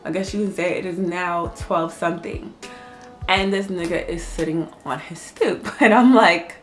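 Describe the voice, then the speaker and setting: A woman telling a personal story in a casual vlog, animated, laughing often and swearing freely. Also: lowish voice, normal speed, soft background music.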